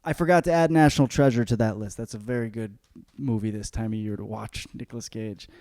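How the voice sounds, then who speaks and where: A young adult man hosting a podcast, delivering an ironic comedic rant full of swearing, jumping between shouting and muttering. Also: lowish voice, fairly quick, dry recording, clean studio sound. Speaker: podcast host.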